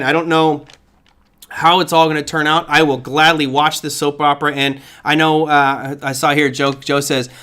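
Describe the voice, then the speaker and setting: A middle-aged man with a fairly high voice hosts a live trading stream. He talks through the markets casually, thinks aloud and reads viewer comments as he goes. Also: fairly bright tone. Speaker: trading show host.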